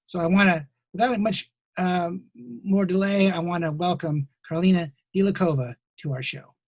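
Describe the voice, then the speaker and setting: A man hosting a podcast interview over a video call, talking casually with lots of ums and pauses. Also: high-pitched, fairly even intonation, no echo. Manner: hesitant, many ums, warm thanks. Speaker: podcast host.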